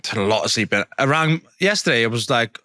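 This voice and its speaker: A young man from Wales co-hosting a podcast, recounting stories in a teasing, halting way. His voice has a bright, forward edge, and the recording is dry and close-miked. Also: medium pitch, animated, no echo. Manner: storytelling, teasing, halting restarts. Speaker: podcast co-host. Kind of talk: casual chat.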